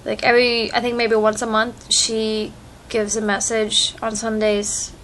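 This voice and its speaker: Slow-talking chatty young woman vlogging. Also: fairly high pitch, completely flat delivery, fairly bright tone, a little hiss or hum, low-quality recording. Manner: chatty, rambling, easygoing. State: allergies, itchy eyes. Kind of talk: casual chat. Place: home with a cat. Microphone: phone camera.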